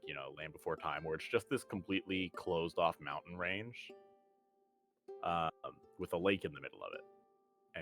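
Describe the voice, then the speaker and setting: Deep-voiced male game master, casual and rambling, faint music behind. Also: fairly bright tone. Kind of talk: casual tabletop game chat.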